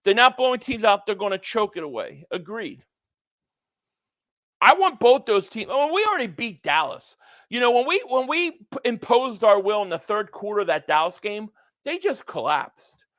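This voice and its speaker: A man hosting a live stream, reacting to a football game and reading viewer chat messages aloud, sometimes shouting at plays. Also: sits high, big pitch swings, normal speed, dry recording. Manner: reads viewer super chats, shouts at plays.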